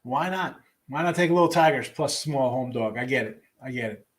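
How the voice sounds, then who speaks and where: Speaking briskly in a mid-range voice, a man goes over the day's sports betting picks on his show. His delivery is offhand and casual, with wry asides and restarts that trail off, as he keeps an eye on live chat.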